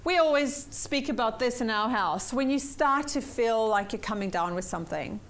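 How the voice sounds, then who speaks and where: A woman's voice: fairly high pitch, moderate pace, slight background noise. A woman teaching a weekly personal development workshop, upbeat and repeating points for emphasis while checking in with her class.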